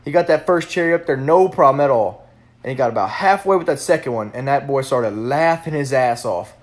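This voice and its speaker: A man tells a joke at an unhurried pace. His delivery stays deadpan and laid-back, at a middling pitch. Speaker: joke teller. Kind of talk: casual joke telling.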